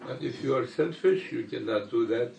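An older man delivering a sermon in a slow, measured way with long pauses. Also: medium pitch, gravelly, darkish tone, a little hiss or hum. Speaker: religious teacher. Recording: echoey room, mic far off.

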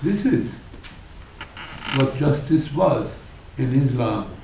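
A man preaching a sermon, telling stories in a measured, deliberate way with emphatic rises. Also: mid-range voice, expressive, gravelly, noisy background. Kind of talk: sermon storytelling. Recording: echoey hall, distant, dull.

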